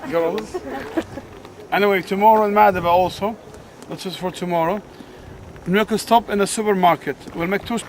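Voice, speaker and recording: A man's voice: high-pitched, steady tone, fast talker, slight background noise. A man working as a tour guide, explaining the sights to a group outdoors among ancient ruins and often checking whether they can see what he points at.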